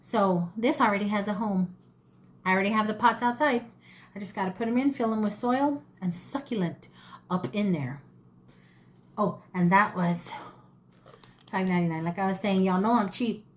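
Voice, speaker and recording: A woman's voice: medium pitch, normal speed, long pauses. A woman, chatting casually and rambling in a folksy way as she shows off her thrift finds. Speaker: thrift haul vlogger. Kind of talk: casual chat to camera.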